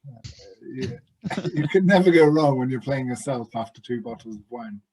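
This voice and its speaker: A man's voice: medium pitch, expressive, normal speed, darkish tone, breathy edge. A man playing in a tabletop role-playing game, chatting casually with dry, wry humor. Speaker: player.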